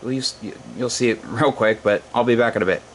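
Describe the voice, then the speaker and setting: A man's voice: medium pitch, fairly quick, slight background noise. A tired amp repair technician talking casually in his workshop as he tests gear, rambling with restarts. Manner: rambling, restarts, talks while testing gear.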